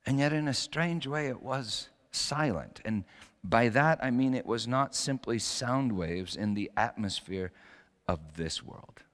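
A middle-aged male pastor preaching a sermon, telling stories with sudden loud bursts and quiet drops. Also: mid-range voice, expressive, measured pace, long reverb tail.

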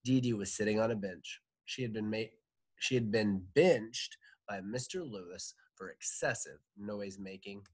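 A man, a teacher, reading a children's storybook aloud in a playful, animated way. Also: lowish voice, a little slow, slightly rough, no echo.

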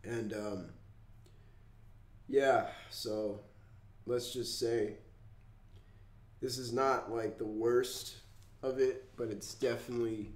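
A man vlogging in an emotional rant, congested and upset, swearing and swinging between loud outbursts and low mumbles. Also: fairly even intonation, takes it slowly, long pauses, roomy sound. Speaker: YouTuber.

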